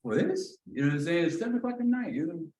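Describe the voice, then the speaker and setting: Animated man telling a story in a roomy hall. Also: fairly high pitch, racing. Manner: animated, acts out dialogue, often asks "you know what I'm saying". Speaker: executive director leading a training. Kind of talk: casual personal storytelling in a training talk. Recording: roomy echo, mic at a distance, faint noise.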